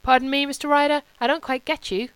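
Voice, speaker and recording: A woman's voice: sits high, steady tone, fast, fairly bright tone, no echo, pitched above the performer's own voice. A woman reading a novel, voicing a self-satisfied film-company man who drawls and repeats himself. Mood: drawling. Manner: drawling and repetitive.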